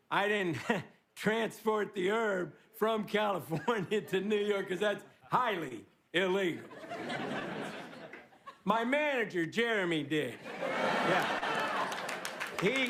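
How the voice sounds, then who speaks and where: A man in his sixties delivering a relaxed, self-mocking stand-up monologue, pausing for laughs. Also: high-pitched. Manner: laid-back, self-mocking joke delivery with pauses for laughs. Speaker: guest monologue host on a comedy show. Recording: studio audience, crowd and noise behind. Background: audience laughter.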